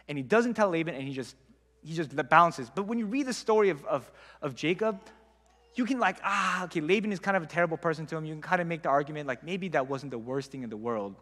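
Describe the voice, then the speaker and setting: A man's voice: on the high side, a bit bright. A young man giving a casual, conversational Bible talk with frequent "like" fillers. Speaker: Bible teacher. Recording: long hall reverb.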